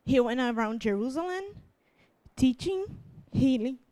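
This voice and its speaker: Tearful young woman giving a halting testimony. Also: high-pitched, lively intonation, dark tone. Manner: halting, restarts often, laughs through tears. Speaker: youth preacher. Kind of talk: emotional testimony sermon.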